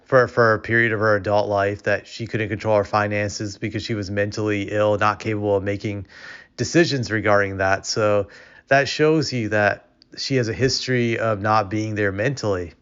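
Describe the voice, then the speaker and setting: A man's voice: fairly low pitch, fairly even intonation, moderate pace, fairly bright tone, clean tone. A man giving casual, opinionated commentary as a vlogger, rambling with frequent restarts. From United States. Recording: dull lo-fi recording.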